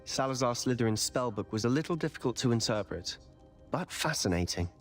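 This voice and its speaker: This is an earnest young male wizard student in a video game, explaining what he has found, voiced by an actor. His pitch is lively and varied. Faint game music sits underneath his lines. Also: brisk, close to an everyday voice.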